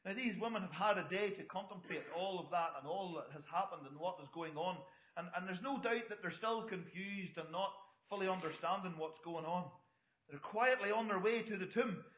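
Bright-voiced preacher, echoey hall. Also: male voice, high voice, moderate pace. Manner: conversational, storytelling asides to the congregation. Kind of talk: sermon.

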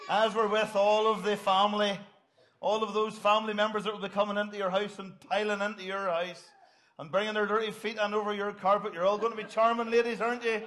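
A man's voice: high voice, little pitch movement, fast talker, a bit bright. A middle-aged man, giving a jokey, upbeat children's talk in church and directing volunteers. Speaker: pastor.

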